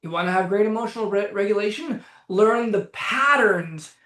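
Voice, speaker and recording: A man coaching on anxiety in a casual talk straight to camera, blunt and profane, animated, with bursts of laughter. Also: sits high, moderate pace, roomy sound.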